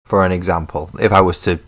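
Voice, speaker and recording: A man's voice: low voice, fairly bright tone. An English man with a Manchester accent chatting casually and self-deprecatingly while painting miniatures. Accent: English, Manchester area with Glaswegian slips. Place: home hobby desk. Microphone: webcam mic.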